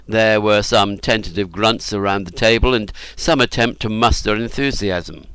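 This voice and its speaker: A man reading an audiobook in scripted narration, measured and deliberate. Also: on the low side, a bit bright, smooth, no echo.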